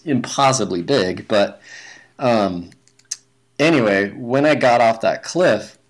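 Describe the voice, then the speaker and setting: Male interview guest, lower register, relaxed rambling storyteller. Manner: relaxed, rambling, many fillers and restarts. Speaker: guest, big-mountain skier.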